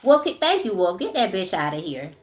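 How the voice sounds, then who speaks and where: A woman's voice: lowish voice, sing-song, moderate pace, echoey room. A woman hosting a casual livestream, talking bluntly with lots of swearing, moving between ranting and soothing her viewers. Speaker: livestream host.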